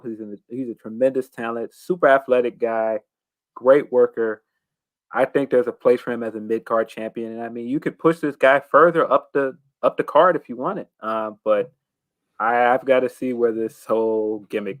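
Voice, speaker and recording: A man's voice: medium pitch, normal speed, no echo. A man co-hosting a casual wrestling talk show, thoughtful and hesitant, with plenty of fillers. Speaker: podcast co-host.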